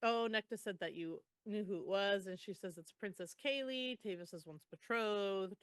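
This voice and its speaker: A woman co-hosting a podcast, casually retelling book chapters with groans, laughs and animated quotes. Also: medium pitch, normal speed, smooth, no echo. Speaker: podcast co-host. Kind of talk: casual book recap chat.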